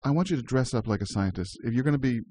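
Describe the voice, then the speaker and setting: A man's voice: mid-range voice, expressive, rapid-fire, dark tone, husky. A man hosting a community radio show, talking in a chatty way and laughing easily. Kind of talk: casual community radio chat.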